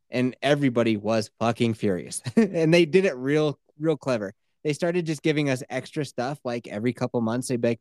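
A man co-hosting a casual chat show, telling a work story in an animated, profane way and laughing often. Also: medium pitch, a little fast, dry recording. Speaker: podcast co-host.

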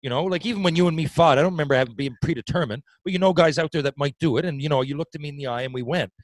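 A middle-aged man, a former hockey player, telling a story in a casual chat, animated and swearing freely. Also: on the high side, very fast, dry recording, rough recording. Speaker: retired hockey player, podcast guest storyteller.

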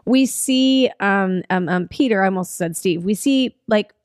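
A woman co-hosting a podcast, casually retelling a film scene with plenty of swearing and excited restarts. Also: mid-range voice, measured pace, no echo, studio quality. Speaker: podcast co-host. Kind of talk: casual chat recapping a film.

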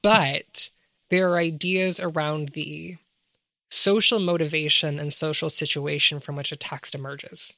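Low-voiced woman lecturing on games. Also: fairly even intonation, a little slow, sharp tone, no echo. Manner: academic, lecturing with rhetorical questions. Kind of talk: casual analytical discussion.

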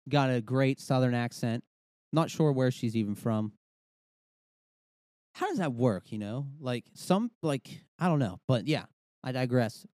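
A man's voice: mid-range voice, a little mellow, smooth, no echo, studio quality. A young man hosting a podcast, ranting casually with swearing and rambling asides. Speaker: podcast host. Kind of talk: casual comedic rant.

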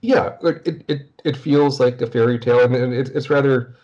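A male podcast host chatting casually at a middle pitch. He rambles and breaks off sentences. The recording sounds dull and lo-fi. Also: moderate pace, darkish tone. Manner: rambling, self-interrupting, chatty. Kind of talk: casual chat.

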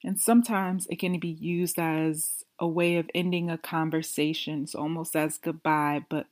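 A woman teaching phrases in a slow, careful lesson, repeating each one and then translating it, sometimes dropping to a soft whisper. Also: sits low, fairly even intonation. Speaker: language teacher.

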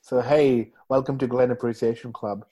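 A man's voice: medium pitch, steady tone, normal speed, mellow, breathy edge. A man discussing a film in casual conversation, easygoing, laughing easily and stumbling over his words. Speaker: film podcast panelist.

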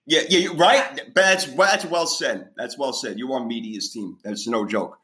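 A man's voice: mid-range voice, moderate pace, pushed and bright. A man hosting a casual sports chat, ranting emphatically and laughing often. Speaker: podcast host.

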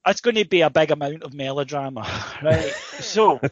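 A man, co-hosting a podcast, telling a rambling, sweary, animated story in casual comedic chat. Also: on the high side, moderate pace, no room sound. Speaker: podcast co-host. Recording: dry, slightly muffled recording.

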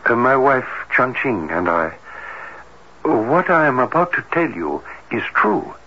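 Heart doctor, male, formal and measured, hesitant manner, bright tone, old radio drama on a dull lo-fi recording. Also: medium pitch, sing-song, heavily acted. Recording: dull lo-fi radio broadcast with faint hiss.

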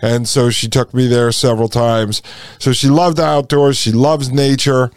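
This podcast host, a man in his forties, rambles folksily through a personal story in a casual monologue, speaking to his audience as folks. His mid-range voice holds a level tone at a moderate pace, with no echo.

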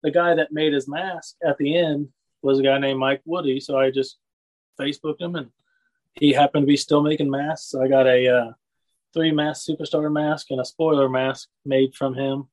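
A man's voice: on the high side, little pitch movement, moderate pace, a little mellow, rough recording. A man chatting casually, rambling through wrestling memories and laughing often. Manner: rambling storyteller, laughs often, says "you know what I mean". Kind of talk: casual chat.

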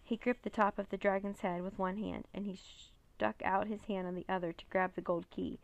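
Gravelly-voiced woman reading a storybook. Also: mid-range voice, normal speed, dull audio. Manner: steady, plain reading. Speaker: narrator. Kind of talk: storybook read-aloud.

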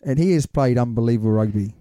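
A man's voice: mid-range voice, fast, mellow, no echo, clean studio sound. A man co-hosting a sports podcast in casual chat, teasing and laughing often. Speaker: podcast co-host.

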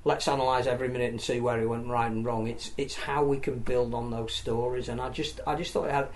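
A man's voice: mid-range voice, little pitch movement, fast talker, a little mellow. Rambling man talking sport. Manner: rambling, many restarts and repeated words. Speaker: podcast co-host. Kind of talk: casual sports discussion.

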